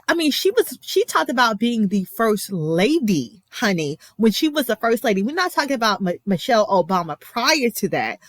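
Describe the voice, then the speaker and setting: A woman's voice: mid-range voice, no room sound. Young woman, American, casual reaction vlog, emphatic, filler-heavy, dry recording. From United States. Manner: chatty and emphatic, with many fillers and asides. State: emotional. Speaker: vlogger reacting to a TV episode.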